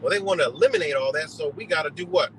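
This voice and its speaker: A man's voice: fairly high pitch, animated, rapid-fire, slight background noise, low-quality recording. A man ranting heatedly and profanely in a rambling live monologue, streaming from a car on the road. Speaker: livestreamer.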